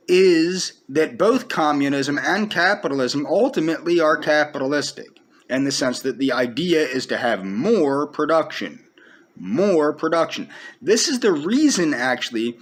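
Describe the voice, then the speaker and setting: A man's voice: mid-range voice, a bit bright. A man around forty giving a testy, combative solo monologue, sarcastic and full of emphatic repetition. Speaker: vlogger. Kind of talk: unscripted ranting monologue.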